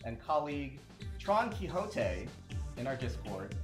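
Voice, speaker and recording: Lively-voiced man hosting a live stream. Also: medium pitch, unhurried, over music. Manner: chatty, reads out names. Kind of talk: casual live-stream chat.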